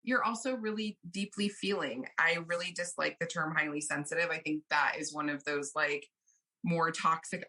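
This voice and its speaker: A woman guest, an astrologer, chatting casually and expressively in an interview, quick to laugh. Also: deep voice. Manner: animated and expressive, quick to laugh and act out others.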